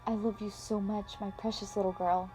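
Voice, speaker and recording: A woman's voice: mid-range voice, level tone, normal speed, dark tone, soft background music, lightly acted, rough recording. A woman voicing a fragile young mother who talks in an emotional, pleading way. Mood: tender.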